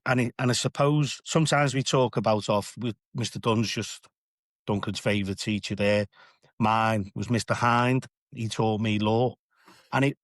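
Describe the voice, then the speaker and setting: A man's voice: medium pitch, no echo, studio quality. A man, an assistant head teacher, talking earnestly and reflectively in a podcast discussion, often restarting his phrases.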